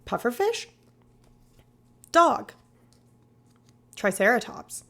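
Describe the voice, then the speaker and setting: A woman's voice: on the high side, very animated, very slow, gravelly, bright, forceful tone. A woman streamer in rambling, casual live-stream chat, swearing now and then.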